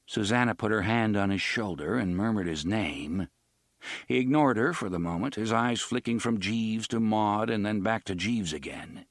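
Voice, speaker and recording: A man narrating a story in an expressive audiobook style. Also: lowish voice, moderate pace, no echo, studio quality. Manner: expressive, varied delivery.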